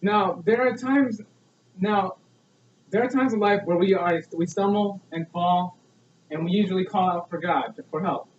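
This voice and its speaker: A man's voice: high voice, a little slow, a little hiss or hum. Young man giving an earnest speech. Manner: earnest, preachy, many rhetorical questions. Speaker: student speaker. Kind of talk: persuasive speech. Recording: echoey, distant, dull lo-fi.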